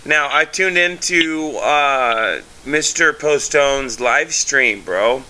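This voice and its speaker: Excitable, bright-voiced man telling stories. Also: on the high side, takes it slowly. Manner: excitable storyteller, swears, many fillers. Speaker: co-host. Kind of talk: casual chat.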